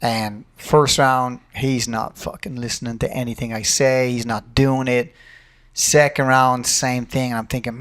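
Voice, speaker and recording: A man, a fight coach and podcast host, telling an animated, profane story casually. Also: mid-range voice, unhurried. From Ireland.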